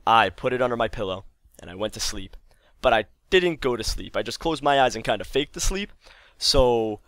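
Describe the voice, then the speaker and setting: A young man casually telling a funny childhood story for his video channel, voicing himself and his mother with big jumps in pitch. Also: fairly bright tone, clear, resonant tone, no echo.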